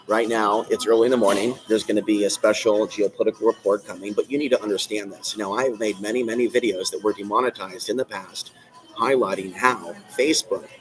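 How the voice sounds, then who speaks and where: A man's voice: lowish voice, rough recording. Agitated rambling man, music behind. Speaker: channel host. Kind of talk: live-stream rant. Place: coffee shop.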